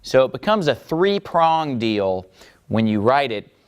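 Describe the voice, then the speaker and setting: A man with a smooth, resonant voice gives a patient language lesson, drawing at a board as he goes. He walks through each step slowly and keeps checking in with his listeners. His pitch sits in an ordinary middle range. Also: very animated. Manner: patient, checks in with "okay?" and "all right?". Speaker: Biblical Hebrew teacher.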